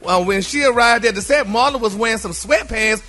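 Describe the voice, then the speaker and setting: Bright high-voiced man dishing gossip. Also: fairly quick, faint music behind. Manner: flamboyant, calls listeners honey and y'all. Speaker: radio show co-host doing celebrity gossip. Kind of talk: animated gossip storytelling.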